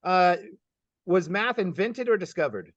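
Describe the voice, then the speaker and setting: Hosting a lightning-round interview, a geometry teacher from Kansas City, United States, fires quick this-or-that questions with a cheerful laugh and the odd stammer. His voice is high with lively intonation, captured in a dry, dull, slightly muffled recording.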